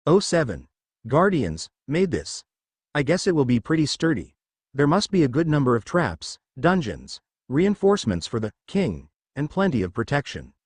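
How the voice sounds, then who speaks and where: A man's voice: medium pitch, wildly swooping pitch, normal speed, husky, no echo, clean studio sound. A man voicing an overpowered young demon king who talks in a lazy, teasing, offhand way.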